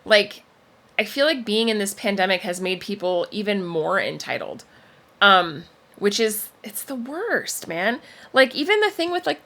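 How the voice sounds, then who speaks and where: Podcast co-host, a woman, lively storytelling, mid pitch, casual. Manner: animated storyteller with frequent pitch swings. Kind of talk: casual chat.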